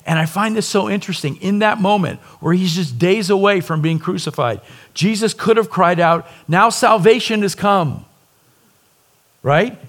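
A middle-aged man preaching with a voice pitched a touch higher than most men's, delivering an earnest sermon. He presses his points with emphasis and keeps tossing rhetorical questions back to the listeners. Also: moderate pace. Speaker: pastor.

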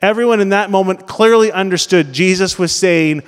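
A man's voice: high voice, normal speed, few pauses, clean tone. A man preaching a sermon as pastor in a conversational way, asking the congregation questions. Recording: long reverb of a large hall.

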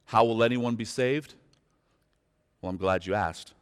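A man preaching a sermon as pastor, turning from quiet, slow reflection to loud, fervent pleading with his listeners. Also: fairly low pitch, smooth. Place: church sanctuary. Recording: long hall reverb.

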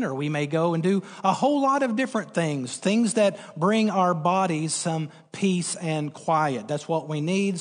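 A man preaching a sermon, earnest and emphatic, repeating key words and pausing on fillers as he explains a verse. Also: fairly high pitch, big-room sound. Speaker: pastor.

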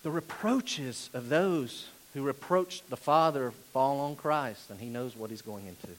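A male pastor preaching a sermon, emphatic and repetitive, swinging from loud stresses to quiet asides. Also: mid-range voice, measured pace, rough recording. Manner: emphatic, repeats key phrases, varies loudness widely. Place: church.

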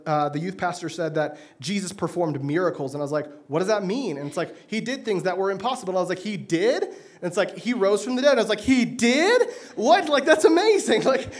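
A man preaching, telling a self-mocking story with animated delivery and frequent laughs. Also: fairly high pitch. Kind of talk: sermon with personal story.

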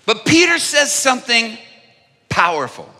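A man's voice: very high voice, very animated, a little slow, pushed and bright, long reverb tail. A man preaching a sermon, telling a story with humor at a conference. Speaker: evangelist. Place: large conference hall.

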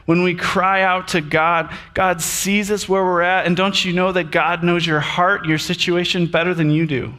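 A man preaching a sermon to his congregation, animated and addressing them directly. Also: high voice, moderate pace, hardly any pauses. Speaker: pastor.

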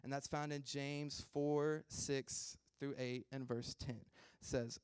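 Smooth-voiced young man preaching casually. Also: mid-range voice, flat delivery, slow pace, few pauses, dry recording. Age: 20s. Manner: chatty, self-deprecating, laughs often. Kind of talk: casual sermon.

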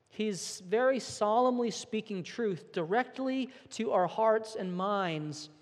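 High-voiced earnest male preacher in reverberant hall. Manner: earnest, emphatic, with some repeated words. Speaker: pastor. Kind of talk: sermon.

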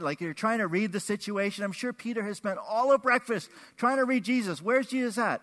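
A man pastor preaching a sermon, animated, acting out quotes with big swings in his voice. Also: high-pitched, a little fast. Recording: echoey hall with long reverb.

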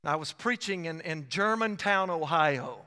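A man preaching an evangelist's sermon with dynamic swings in loudness, often quoting himself as he tells a story. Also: fairly high pitch, lively intonation, measured pace. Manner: dynamic preaching with sharp swings in loudness and frequent self-quotation. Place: church sanctuary. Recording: long reverb of a church hall.

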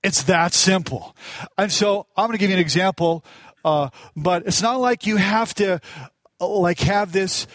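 Speaking at a measured pace, a middle-aged male pastor with a high-pitched, somewhat bright voice relates a moving personal story in his sermon. His style is conversational and self-deprecating, and the recording has no echo.

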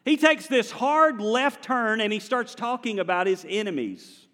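A man preaching a sermon to his congregation in a church, animated and conversational, drawing the congregation in. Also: sits high, measured pace, long reverb tail. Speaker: pastor. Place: large church sanctuary.

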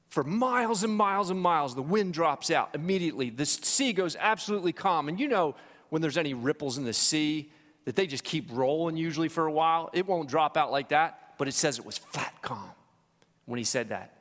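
A man's voice: on the high side, moderate pace. A pastor man teaching in a reverberant church hall. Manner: animated storytelling, many restarts, personal testimony. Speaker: Bible study teacher. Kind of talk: Bible study teaching.

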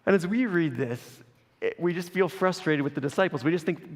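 A man's voice: fairly high pitch, lively intonation, brisk. Earnest male preacher in a reverberant hall. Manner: earnest, builds through repeated phrases. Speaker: pastor. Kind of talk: sermon.

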